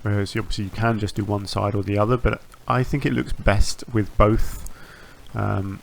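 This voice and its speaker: A man hosting a gaming channel, talking through a zoo-building game in a relaxed, rambling way, often restarting phrases and filling pauses with ums. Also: on the low side, vocal fry, a little hiss or hum. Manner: rambling, self-correcting, with frequent ums and restarts. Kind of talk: relaxed gameplay commentary.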